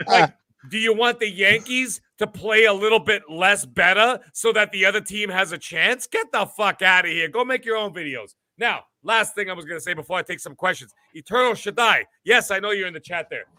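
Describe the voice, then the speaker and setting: Sharp, bright-voiced man ranting. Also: high-pitched, fairly quick, dry recording. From Canada. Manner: profane, ranting, mock-boastful. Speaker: podcast host. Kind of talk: casual gaming podcast chat.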